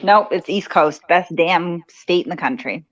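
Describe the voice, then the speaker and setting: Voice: mid-range voice, a little slow, a bit bright, no echo. Matter-of-fact guest from Massachusetts. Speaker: podcast guest. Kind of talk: casual chat.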